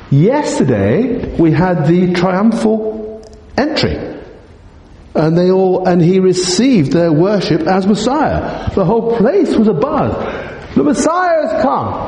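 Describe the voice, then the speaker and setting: A man's voice: sits high, mellow, slight background noise. A man preaching a sermon to his congregation, emphatic and teacherly, full of rhetorical questions. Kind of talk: expository sermon. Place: church meeting hall. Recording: echoey hall, long reverb.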